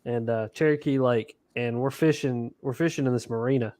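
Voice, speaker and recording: A man's voice: mid-range voice, a little fast, no room sound. A man telling a fishing story in a casual podcast chat, laughing and acting out what people said. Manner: animated, laughing, acts out quotes.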